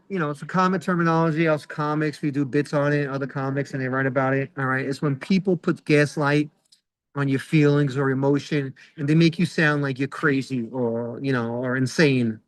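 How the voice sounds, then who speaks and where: A man's voice: medium pitch, no echo, poor audio. A middle-aged man doing a rambling stand-up comedy set over a video call, full of fillers and acted-out quotes. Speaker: stand-up comic.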